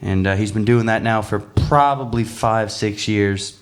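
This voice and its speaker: A man, a singer-songwriter chatting and telling relaxed, laughing stories between songs at a small live venue. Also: on the low side, unhurried. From Newfoundland, Canada.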